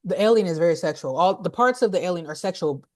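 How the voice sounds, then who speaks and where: A woman co-hosting a podcast, recapping a horror movie in an animated, blunt and laughing way. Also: on the low side, fast talker. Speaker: podcast co-host, movie reviewer.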